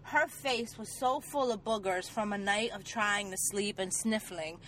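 A woman in her thirties co-hosting a podcast, telling blunt, animated stories with plenty of swearing, worn out from little sleep. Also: mid-range voice, unhurried, a little hiss or hum, low-quality recording. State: tired from lack of sleep. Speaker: podcast co-host. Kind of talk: casual chat.

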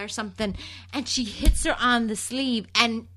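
A gossipy woman chatting casually as a co-host, her voice leaping up and down in pitch. She sits a little above most women in pitch and acts out lines from the show as she talks. She keeps the energy high and chatty throughout. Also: moderate pace, a little hiss or hum. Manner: animated, gossipy, quotes characters in exaggerated voices. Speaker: podcast co-host. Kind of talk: casual chat recapping a soap opera.

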